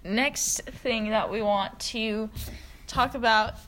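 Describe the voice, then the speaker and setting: A woman co-host with a slightly high voice, chatting casually. She agrees easily and fills her sentences with likes and ums. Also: slow, noisy background. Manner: casual, agreeable, filler-heavy. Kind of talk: playful podcast chat.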